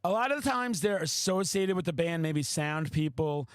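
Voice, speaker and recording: A man hosting a podcast, a loud, excitable storyteller who swears often in casual chat. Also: on the high side, normal speed, smooth, dry recording. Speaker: podcast host.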